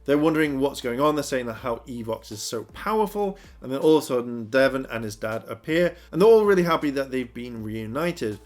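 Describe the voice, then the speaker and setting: A man's voice: mid-range voice, expressive, fairly quick, few pauses. Just a guy rambling through an episode recap, chatty, kinda filler-heavy. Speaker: TV episode reviewer.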